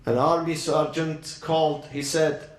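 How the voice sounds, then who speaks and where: A man at a youth gathering, telling a religious story as a sermon, with dramatic pauses and short emotional phrases. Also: on the high side, flat delivery. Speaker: speaker at a youth event. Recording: roomy echo.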